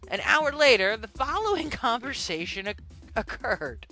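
A woman's voice: fairly high pitch, big pitch swings, normal speed, bright, forceful tone, soft background music. A woman hosting a gaming podcast, chatting casually, laughing often and mocking trolls. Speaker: podcast host.

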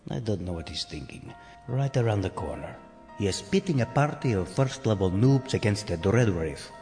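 A mischievous old grandfather poking fun at the game master, as a man puts him on. He speaks low, softly and slyly. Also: animated, moderate pace, in a large hall, soft background music.

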